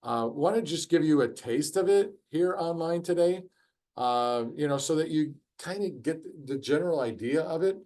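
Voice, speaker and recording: A man's voice: a little high, lively intonation, moderate pace, a little mellow. Man leading an online workshop. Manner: conversational, frequent fillers. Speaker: course facilitator.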